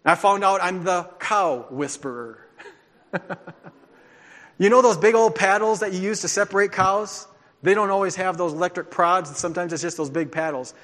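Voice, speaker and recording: A man's voice: high voice, normal speed, a bit bright. A man preaching a sermon as a pastor, telling his own testimony in an earnest, confessional way. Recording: long hall reverb.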